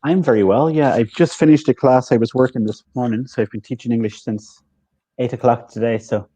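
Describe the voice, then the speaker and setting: A Northern Irish man, an English teacher, chatting on a video call in a relaxed, jokey, self-mocking way. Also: medium pitch, a little fast, no echo. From Northwest of Ireland, Derry. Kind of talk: casual conversation on a video call.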